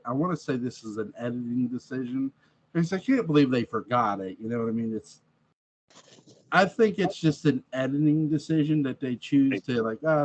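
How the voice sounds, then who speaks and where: A man of middle pitch rambles through his thoughts on a western, doubling back and restarting often. The recording sounds dull and lo-fi. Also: slight background noise. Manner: rambling, with frequent restarts and laughs. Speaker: movie reviewer. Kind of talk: casual film review chat.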